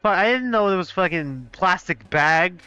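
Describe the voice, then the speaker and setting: A young man playing through a fan game live, voicing characters in an excitable, swearing, mock-outraged way, on a dull, dry recording. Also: high voice, moderate pace, clear, resonant tone, no room sound, soft background music. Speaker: let's play gamer voicing a fan game. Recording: dull, dry close-mic sound.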